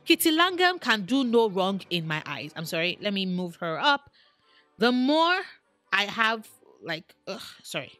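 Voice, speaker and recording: Animated chatty woman talking to camera. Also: mid-range voice, a little slow, faint music behind. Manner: animated, exclamatory, addresses characters directly. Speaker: online video creator ranking TV characters. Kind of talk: casual chat to camera.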